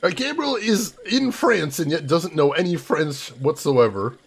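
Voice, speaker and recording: Expressive and measured, a young man with a fairly high-pitched voice narrates his live game stream. His talk is casual and playful, with viewers welcomed by name.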